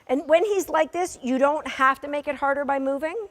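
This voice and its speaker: A woman instructing a dog training class, giving brisk, matter-of-fact commands to a dog and its handler, sometimes teasing. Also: sits high. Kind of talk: coaching a live training session. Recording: long reverb of a large hall.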